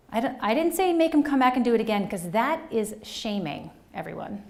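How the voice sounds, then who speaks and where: A woman from New Jersey giving a lively, conversational workshop presentation to educators, often checking in with the audience. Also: on the high side, a little fast, gravelly, few pauses. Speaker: conference presenter. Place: presentation room.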